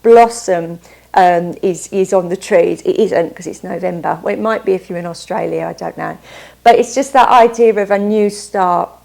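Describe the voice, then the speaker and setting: A woman's voice: lowish voice, moderate pace, creaky, darkish tone. A woman doing a casual tarot card reading, upbeat and chatty, often stopping to add asides. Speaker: tarot reader.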